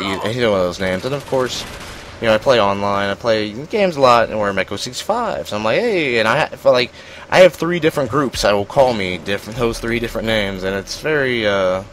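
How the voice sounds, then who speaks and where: A man's voice: lowish voice, animated, a little fast, a bit bright, a little hiss or hum, low-quality recording. A young man giving casual gameplay commentary, rambling and self-deprecating, with lots of fillers and restarts. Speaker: gaming commentator.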